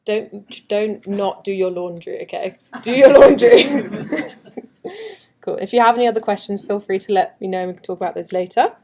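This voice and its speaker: A woman's voice: medium pitch, fairly even intonation, fast, hardly any pauses, darkish tone, slight background noise. A young woman from the United Kingdom with a British English accent, giving a chatty, upbeat orientation talk and joking with her audience. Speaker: study abroad orientation presenter. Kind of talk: orientation presentation.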